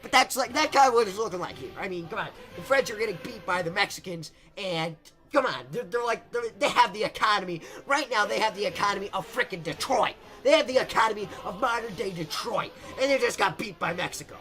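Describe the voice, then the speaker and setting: A man's voice: high voice, expressive, a little fast, few pauses, bright, forceful tone, faint music behind. A young man narrating history as a crude, rambling comedy bit, mocking and swearing as he goes. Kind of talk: comic history explainer.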